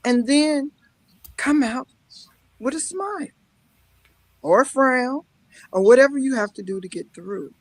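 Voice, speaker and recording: Lively woman on a stream chat, laughs a lot, highish voice, dry sound. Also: unhurried, long pauses, no room sound, poor audio. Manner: lively storyteller, laughs often, mock-scolding asides. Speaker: guest. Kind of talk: emotional casual talk-show chat. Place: live stream call.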